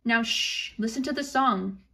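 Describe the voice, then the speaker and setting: A tired, grumpy big-brother animal from a storybook, as a woman puts him on, dry and weary but soft at heart. The voice drops lower than the teller's own yet stays bright. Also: a little slow, slight background noise. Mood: tender.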